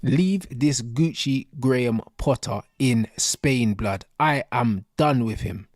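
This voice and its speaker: A man's voice: mid-range voice, slow pace, darkish tone, dry recording. Scornful man ranting, dry sound. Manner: scornful, ranting street-slang insults. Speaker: football fan. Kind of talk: angry post-match fan rant.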